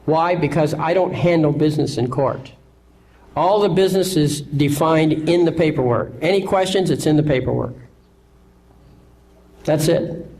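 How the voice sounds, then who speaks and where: A man's voice: on the high side, darkish tone, low-quality recording. A man giving an instructional talk in a confident, assured manner, often checking in with listeners. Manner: confident, repeats "okay?" to check in. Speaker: lecturer.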